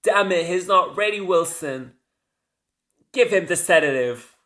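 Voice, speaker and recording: Man doing a cool woman scientist, commanding, curt orders, higher and louder. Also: fairly even intonation, moderate pace. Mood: urgent commanding.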